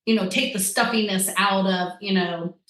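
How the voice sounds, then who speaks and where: A woman's voice: mid-range voice, fairly even intonation, moderate pace, fairly bright tone. A woman chatting casually as a podcast guest, rambling with lots of fillers. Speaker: guest, tasting-room wine server. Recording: echoey room.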